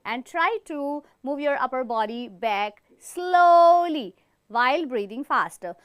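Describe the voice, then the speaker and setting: A theatre teacher from India speaks slowly in a high voice with lively intonation while running an online acting class. She gives instructions step by step, praises her students a lot, and encourages them by demonstrating expressions with big acted lines.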